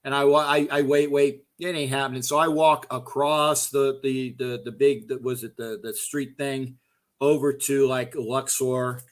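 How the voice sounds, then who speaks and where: A man's voice: medium pitch, steady tone, a little slow. A middle-aged man hosting a fan show, ranting in a profane, fired-up way and often repeating himself. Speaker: host of a fan call-in show. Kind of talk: heated casual fan rant.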